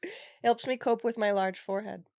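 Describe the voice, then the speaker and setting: A woman, a comedian, talks on a podcast with dry, deadpan wit. Her voice carries a lot of gravelly vocal fry. The sound is close and dry, with no room echo. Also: mid-range voice, a little fast. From Canada. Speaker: comedian guest. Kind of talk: casual comedy podcast chat.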